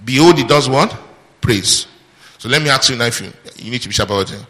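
Bright-voiced preacher in a reverberant hall. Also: male voice, medium pitch, fast talker. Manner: call-and-response questions to the congregation. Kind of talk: sermon.

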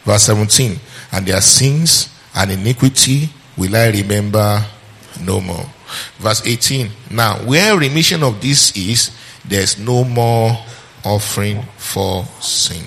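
Lowish-voiced preacher guy, punchy, repeats lines, drags out the scripture bits. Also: unhurried, vocal fry, a bit bright. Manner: emphatic, repeats phrases and quizzes the congregation. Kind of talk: sermon.

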